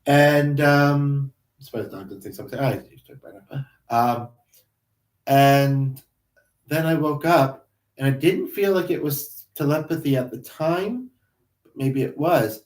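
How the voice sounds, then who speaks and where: A man's voice: a little high, unhurried. A man talking through his thoughts in a casual, meandering, hesitant monologue. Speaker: vlogger, spiritual channeler. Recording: roomy, distant mic.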